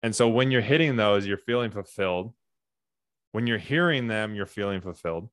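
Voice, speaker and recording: A man, a burnout coach being interviewed, talking candidly and earnestly in quick animated bursts. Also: on the low side, no echo, studio quality. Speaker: burnout coach, podcast guest. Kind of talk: candid conversational storytelling.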